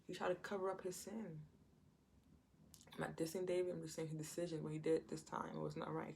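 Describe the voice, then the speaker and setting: A woman's voice: deep voice, little pitch movement, fairly quick, gravelly, a little mellow, slight background noise. A woman giving an informal Bible teaching in a conversational way, retelling scripture stories and acting out what the people in them say. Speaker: Christian preacher.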